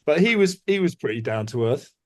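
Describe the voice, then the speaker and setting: A middle-aged man co-hosting a podcast, chatting casually and telling lively anecdotes about touring. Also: a little high, brisk. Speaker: podcast co-host. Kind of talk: casual chat.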